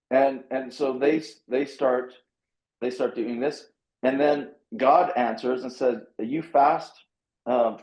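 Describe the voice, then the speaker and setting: A man's voice: medium pitch, muffled recording. Man recounting scripture in a roomy echo. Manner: lively, self-mocking, acts out his own reactions. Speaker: pastor and author, guest. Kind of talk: animated conversational storytelling, reading scripture aloud.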